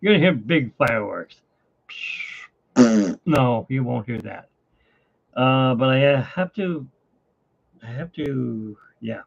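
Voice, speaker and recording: A middle-aged man with hiccups chatting casually at home while drawing, rambling and animated, his pitch jumping up when he gets excited. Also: slow, vocal fry, long pauses. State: has hiccups. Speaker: artist and channel host. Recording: dull lo-fi home recording.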